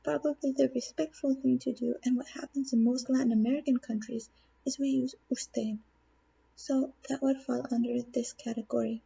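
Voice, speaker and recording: A woman teacher explains grammar in a patient classroom-video manner, posing questions and then answering them. Her voice is husky and gravelly with a dark, mellow tone. The recording is somewhat dull and lo-fi. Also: sits high, steady tone, moderate pace. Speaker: Spanish teacher.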